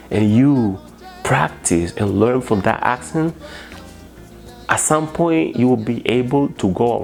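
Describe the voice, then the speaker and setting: A man's voice: fairly low pitch, gravelly, darkish tone. A man from Colombia, a Spanish speaker teaching in English, earnest and repeating words for emphasis. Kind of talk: instructional video talk.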